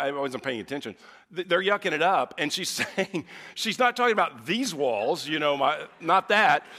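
A man preaching as a visiting speaker in a conversational sermon, telling stories in an animated way. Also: high-pitched. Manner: animated storytelling with lively acted-out quotes.

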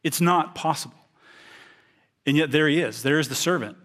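A man's voice: fairly high pitch, moderate pace, a bit bright. Earnest man preaching a sermon. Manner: earnest, reads scripture aloud then explains it.

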